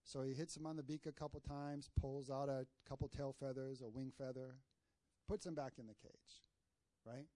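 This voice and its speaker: A man's voice: mid-range voice, flat delivery, normal speed, mellow, no echo. A man preaching a sermon, asking the congregation for amens and telling a story partway through. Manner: call-and-response, asks the congregation for amens; tells jokes and stories mid-sermon.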